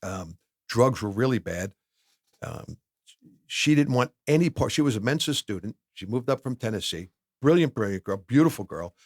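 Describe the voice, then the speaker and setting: Gravelly-voiced man telling his story. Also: medium pitch, normal speed, dry recording, clean studio sound. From New Jersey. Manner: candid, animated storytelling with quoted dialogue. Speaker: podcast guest. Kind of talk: personal storytelling in a podcast interview. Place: podcast studio.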